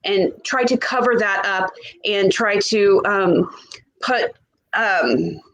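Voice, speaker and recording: A woman reading tarot cards in a casual livestream chat, gushing and chatty with drawn-out pauses. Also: medium pitch, creaky, a bit bright, low-quality recording. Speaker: tarot reader.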